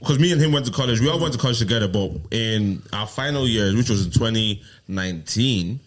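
A man's voice: lowish voice, a little fast. A man hosting a casual podcast chat, laughing often and teasing his guest. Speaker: podcast host. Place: Dublin.

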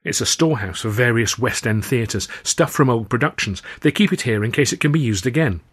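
A man voicing an eager young male comedian full of ideas, speaking in an animated, theatrical way, reading a novel aloud. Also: mid-range voice, brisk, slightly rough. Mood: explaining.

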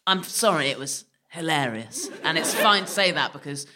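A woman's voice: deep voice, lively intonation, normal speed, background noise. A woman co-hosting a live comedy podcast, telling a story in a playful, teasing way. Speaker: podcast co-host.

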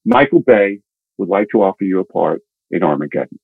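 A man tells his story at a rapid clip and jumps into lively quoted voices of the people in it. His voice is mid-pitched, and the sound is dry and narrow like a phone line, with no room around it. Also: creaky, slightly rough, no echo. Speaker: actor telling stories. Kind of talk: casual anecdote in a podcast interview. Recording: tinny phone-like audio.

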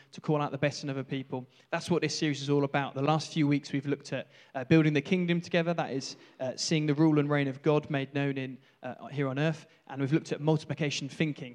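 A man preaching a sermon in a church, jokey and self-deprecating. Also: on the high side. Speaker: pastor. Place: church hall. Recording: echoey hall from far off.

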